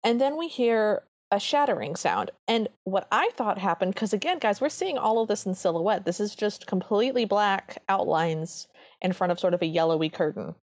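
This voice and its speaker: A podcast co-host talks through an old cartoon in a casual, earnest review, chatting freely and slipping in quick asides. She has an expressive, medium-pitched voice, and the studio sound is clean with no echo.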